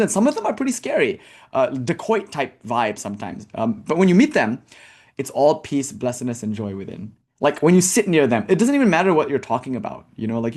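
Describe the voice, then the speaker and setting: A man giving a spiritual talk in a casual, animated way, with many fillers and sarcastic rhetorical questions. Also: medium pitch. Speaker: spiritual teacher. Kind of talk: impassioned talk.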